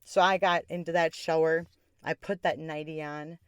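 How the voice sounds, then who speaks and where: A woman's voice: sits low, steady tone, moderate pace, clean tone, dry recording, clean studio sound. Sarcastic woman telling a story. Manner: candid, sarcastic, laughing at her own story. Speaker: podcast host. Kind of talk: casual storytelling.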